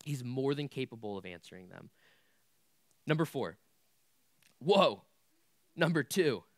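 A man's voice: medium pitch, very animated, measured pace, no room sound, clean studio sound. A young man preaching a casual youth sermon, candid and conversational with lots of filler words. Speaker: youth pastor.

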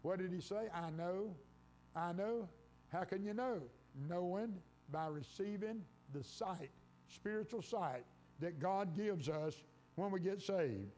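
A pastor preaches a sermon in a church sanctuary, quoting scripture and building to fervent exclamations, his voice congested from illness. He speaks slowly in a high, darkish-toned voice, with slight background noise.

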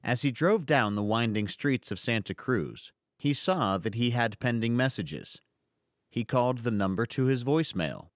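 A man narrates an audiobook in an expressive storytelling manner. His lowish voice moves at normal speed, recorded with clean studio sound and no echo.

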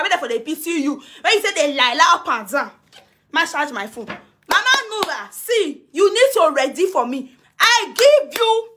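A high, bright-toned Nigerian woman talks into her phone on a live video. She hammers the same demands again and again, half-laughing between her warnings. The voice is sharp and close to the phone. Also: a little hiss or hum. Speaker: social media personality. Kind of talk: confrontational live video rant. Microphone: phone camera, face to face.

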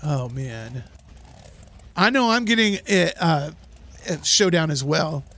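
A hoarse man hosting a live gameplay stream, excitable, laughing often and reading chat aloud. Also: on the high side, takes it slowly. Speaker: livestream host.

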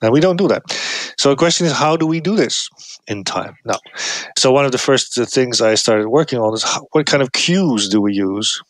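A man talking as a podcast guest, explaining his research in a lively way, with frequent restarts and raised pitch when he acts out examples. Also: moderate pace, no room sound. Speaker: podcast guest, cognitive scientist. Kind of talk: explanatory interview talk.

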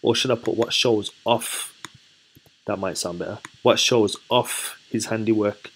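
A man with a low, slightly husky voice talks through scripture in a casual Bible study. He is relaxed and chatty, and he corrects himself as he goes. He keeps asking his listeners questions and then answers them himself. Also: a little slow. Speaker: scripture teacher.

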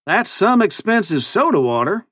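A man's voice: sits high, very animated, a bit bright, no echo, clean studio sound, pitched above the performer's own voice, exaggerated voice. A man putting on a drawling would-be cowboy mayor. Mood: folksy. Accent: put-on Western cowboy drawl. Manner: drawling, earnest, slow. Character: small-town male mayor posing as a folksy cowboy.

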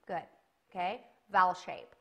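A woman's voice: fairly low pitch, steady tone, measured pace, creaky, pushed and bright. A woman teaching a singing lesson to camera, giving encouraging instructions and demonstrating sung vowels between them.

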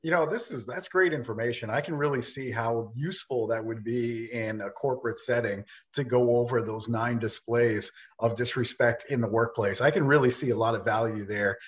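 A man's voice: mid-range voice, normal speed, few pauses. Man, interview host, polite questions, brief affirmations, muffled lo-fi audio. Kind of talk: casual interview.

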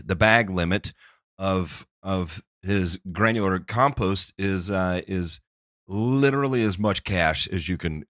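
A man co-hosting a podcast, reading news items with sarcastic, profane, animated commentary on a close mic. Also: low voice, no room sound. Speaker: podcast co-host.

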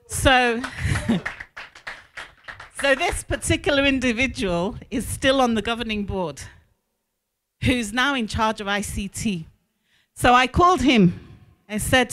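A woman school consultant giving a talk to school staff in a conference hall, telling stories with lively, emphatic repetition. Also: fairly high pitch.

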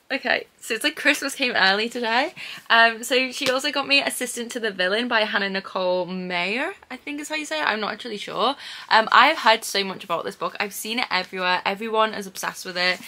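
Young woman unboxing books on her vlog, bright voice, gushy and excitable, says like a lot. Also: on the high side, normal speed, a little hiss or hum. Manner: excitable, gushing, lots of "like" and "oh my god". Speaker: book vlogger. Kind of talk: casual vlog chat.

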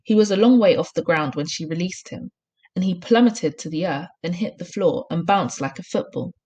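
A primary school teacher talks her pupils through a recorded reading lesson. She gives clear, encouraging instructions in a fairly low, husky voice. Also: normal speed, warm tone.

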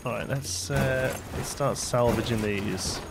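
A man's voice: medium pitch, unhurried, gravelly, heavy background noise. A man hosting a let's play, chatting casually as he plays and talking to his game characters. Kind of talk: casual gameplay commentary. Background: faint game music.

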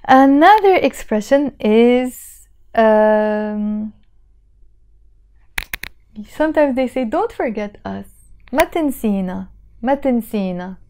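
A woman's voice: a little high, expressive, measured pace, long pauses, darkish tone, clean tone. A young woman with a Lebanese Arabic accent, patiently explaining and repeating phrases in a language lesson. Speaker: language teacher.

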